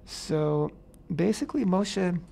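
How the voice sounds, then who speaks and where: A man on a radio talk show explaining a Bible passage in a casual, animated way, acting out the characters' words in paraphrase. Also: sits high, slow pace, creaky, a little hiss or hum. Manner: animated, acts out quotes in paraphrase, many fillers. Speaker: radio host teaching the weekly Torah portion. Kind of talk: casual Torah discussion on radio.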